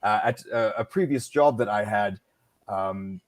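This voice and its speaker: Thoughtful male audiobook narrator as guest. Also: fairly low pitch. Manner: halting, thoughtful explainer. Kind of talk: casual conversation.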